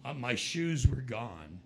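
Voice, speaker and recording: An American musician tells stories in a casual interview, his gravelly voice swinging widely in pitch. He talks animatedly, breaking into quoted voices and laughs, with faint background noise. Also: big pitch swings, slow. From United States. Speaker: musician guest.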